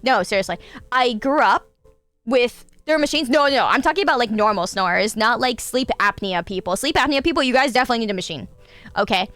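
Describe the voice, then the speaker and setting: A young adult woman streaming, chatting casually with her chat, animated, laughing and swearing freely. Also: fairly high pitch, fast talker, no room sound, faint music behind.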